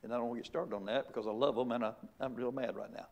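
A man's voice: medium pitch, fairly even intonation, rapid-fire, creaky. Emphatic preacher man. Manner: emphatic preaching with repeated rhetorical questions. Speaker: pastor. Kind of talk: sermon.

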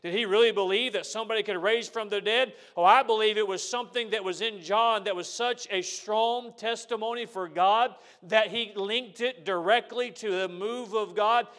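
Man, pastor, high voice, earnest preaching, rhetorical questions. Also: normal speed, few pauses, fairly bright tone. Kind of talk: sermon.

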